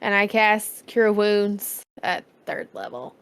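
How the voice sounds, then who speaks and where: A woman's voice: medium pitch, animated, takes it slowly, gravelly, fairly bright tone, clear, resonant tone. A woman playing a tabletop game, declaring her cleric's actions in casual talk. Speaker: player.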